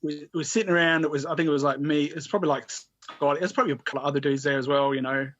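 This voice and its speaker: A man's voice: fairly high pitch, steady tone, very fast, fairly bright tone, dull audio. A man telling a story as a podcast guest, rambling with frequent restarts and swearing. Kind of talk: casual storytelling.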